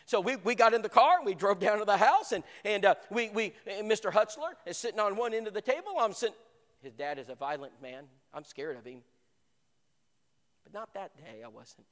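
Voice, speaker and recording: A man with a high voice teaches a church Bible class by telling a personal story. He is animated and acts out the other people's voices. He often repeats words when he gets excited, and the hall adds a long echo. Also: a little fast.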